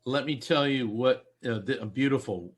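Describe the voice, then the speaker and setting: A man doing a live psychic reading on a talk show, playful and animated. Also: medium pitch, normal speed, husky. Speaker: psychic medium.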